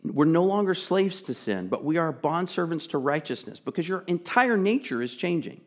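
A man preaching a sermon, earnest and emphatic, chatting with asides and sometimes dropping to a soft, pleading voice. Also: on the high side, sing-song, normal speed. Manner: drops to a soft, intimate tone to plead. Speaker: pastor.

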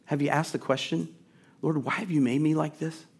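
A middle-aged male pastor delivers a sermon with a somewhat high voice. He talks to the congregation conversationally, then climbs in pitch and force as he piles up emphatic questions. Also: fairly even intonation, fairly quick, gravelly, slightly rough. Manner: conversational preaching, acts out quoted voices, rising emphasis.

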